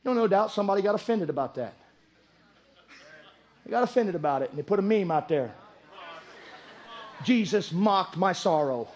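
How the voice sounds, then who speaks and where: A man preaching a sermon, moving between low storytelling and shouted exhortation. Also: expressive, fast, long pauses.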